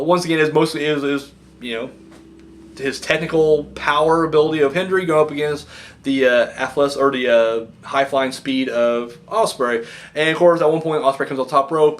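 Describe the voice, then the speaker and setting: A man giving a casual wrestling review vlog, rambling, swearing freely and acting out what the wrestlers said in little voices. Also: on the high side.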